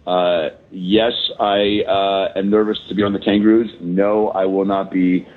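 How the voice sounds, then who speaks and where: A hungover male comedian talks from a balcony over a muffled, lo-fi call line. His voice sits low, and he rambles through jokes with plenty of "uh"s and "um"s. The sound is dull and narrow. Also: little pitch movement, a little slow. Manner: joking, rambling, lots of fillers. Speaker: comedian guest calling in. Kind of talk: casual chat on a call. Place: hotel balcony abroad.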